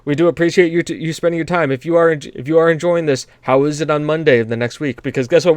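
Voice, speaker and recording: Brief: jokey male podcast host, higher pitch, dry close mic. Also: fast talker, few pauses, clear, resonant tone, dry recording. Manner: rambling, joking plugs. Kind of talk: casual gaming podcast chat.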